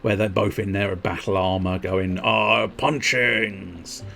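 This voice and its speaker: A man's voice: deep voice, level tone, moderate pace, faint music behind. A man streaming a game, rambling and mocking himself in casual chat. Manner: rambling, self-mocking, giggly.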